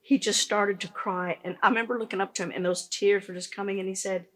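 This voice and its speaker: A woman's voice: medium pitch, steady tone, quick pace. A woman, founder of a pet business, telling stories earnestly in a conversational interview, with frequent restarts.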